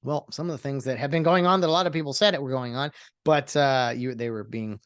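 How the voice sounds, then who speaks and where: A man's voice: mid-range voice, fast, a bit bright, smooth, no echo, studio quality. Rambling man hosting a solo podcast. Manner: rambling, with frequent fillers and sarcastic asides. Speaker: podcast host. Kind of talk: casual solo talk.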